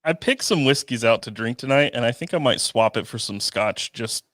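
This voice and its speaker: A man's voice: medium pitch, expressive, normal speed, fairly bright tone, no echo. A man co-hosting a podcast in casual chat, with a dry teasing humor. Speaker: podcast co-host.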